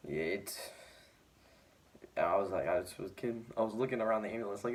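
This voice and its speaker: A teenage boy vlogs to the camera, rambling through his story with lots of "like" fillers and sounding injured and shaken. His voice is low, brisk and gravelly, with a little hiss or hum in the background.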